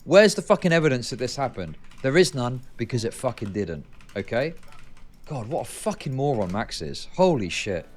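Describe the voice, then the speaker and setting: A man's voice: mid-range voice, very animated, normal speed, a little hiss or hum. A man streaming heated reaction commentary, angry and profane, hammering the same points over and over. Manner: angry, profane, emphatic repetition.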